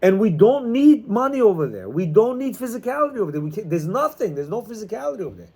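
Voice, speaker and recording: A man leads a class in a high, husky voice that rises and falls a lot. He hammers points home with emphatic repetition. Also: big pitch swings, fast talker, dark tone. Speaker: Torah teacher leading a class. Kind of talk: animated class talk. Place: classroom with students.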